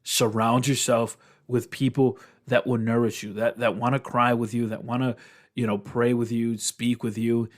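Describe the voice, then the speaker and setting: Male podcast host, mid-range voice, earnest and encouraging, repeats lines for emphasis. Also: mid-range voice. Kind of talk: heartfelt motivational talk.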